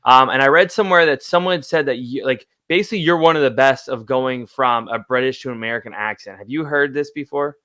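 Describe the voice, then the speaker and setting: A man's voice: medium pitch, fast, few pauses, pushed and bright, dry recording. A man in his twenties hosting an interview, asking eager questions that halt and restart. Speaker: podcast host. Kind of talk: casual interview chat.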